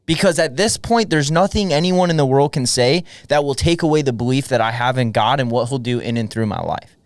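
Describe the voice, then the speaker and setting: Smooth-voiced fervent male podcast host. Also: medium pitch, a little fast, no room sound, clean studio sound. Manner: energetic, fervent storyteller. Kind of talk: conversational interview, personal storytelling.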